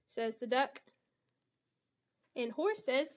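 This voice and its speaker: A woman's voice: on the high side, fairly even intonation, normal speed. A woman teacher demonstrating a read-aloud lesson for young children, explaining each step and voicing the animal sounds with expression.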